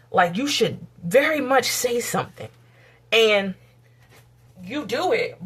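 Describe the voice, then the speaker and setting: A woman's voice: creaky, a bit bright, slight background noise. A woman from the United States, giving a candid, blunt and profane rant to her camera while cooking. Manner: blunt, profane and heated, with sudden rises in pitch. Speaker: vlogger.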